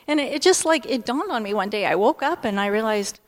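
A woman in her fifties speaks to a church gathering, sharing a personal testimony. Her voice sits a little high, and she talks candidly and from the heart, in a loose conversational flow with plenty of "um"s and restarts. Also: expressive, a little fast. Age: 50s.

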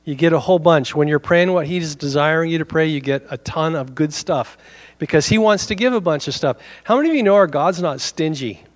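A man preaching a sermon to his congregation, animated and conversational, with quick asides and chuckles between points. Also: on the high side. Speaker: pastor.

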